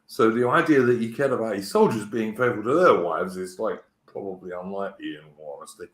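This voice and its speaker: With a fairly low pitch and a slightly fast pace, a British podcast host spins stories on a casual chat show. He's chatty, often restarting and stammering, and the recording has a roomy sound.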